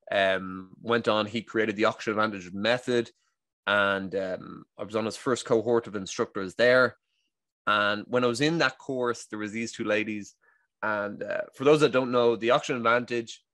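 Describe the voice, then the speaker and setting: An Irish man, a breath coach and guest, telling his story in a casual, animated interview and acting out what others said. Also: lowish voice, no echo. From Ireland. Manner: animated, acts out quoted dialogue, frequent restarts.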